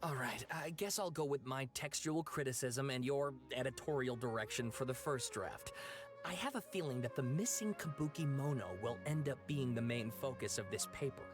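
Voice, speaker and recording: A man voicing a hesitant, earnest young male scholar in a video game, speaking with frequent pauses and fillers. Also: mid-range voice, lightly acted. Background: game music.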